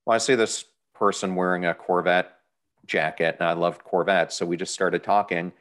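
A middle-aged man telling a story in a relaxed, matter-of-fact way during a casual interview. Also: sits low, moderate pace.

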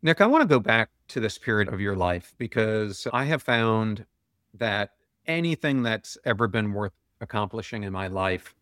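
A man hosting an interview, asking earnest, measured questions. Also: on the low side, a bit bright, clean tone, no echo, clean studio sound. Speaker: interview host.

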